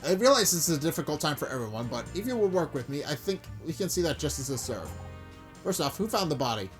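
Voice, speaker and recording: A man voicing a gruff, bossy male police detective in a game, curt and commanding. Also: a little high, sing-song, fast talker, faint music behind. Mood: stern.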